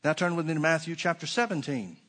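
Male preacher, slightly high voice, sermon delivery, emphatic scripture reading with quiet asides. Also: fast. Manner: reads scripture aloud, rising to emphatic stresses, drops to soft asides.

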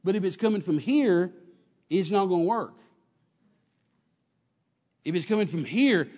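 A man preaching a sermon in an animated way, acting out quotes and dropping at times to a soft murmur. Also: high-pitched, measured pace, pauses often, in a large hall. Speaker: pastor.

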